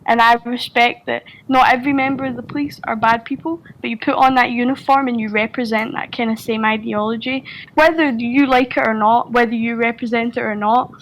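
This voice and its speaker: A woman's voice: fairly high pitch, fairly even intonation, brisk, fairly bright tone, poor audio. Rambling Scottish woman on a voice call. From Scotland. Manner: rambling, full of fillers and restarts, swears freely. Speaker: Discord server member. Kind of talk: casual chat on a group voice call.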